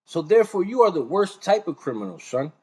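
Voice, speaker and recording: A man's voice: high-pitched, very animated, a little fast, darkish tone, slightly rough. A man streaming a reaction video, ranting and confronting another streamer in a heated, profane way. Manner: confrontational, profane, calls the other man son.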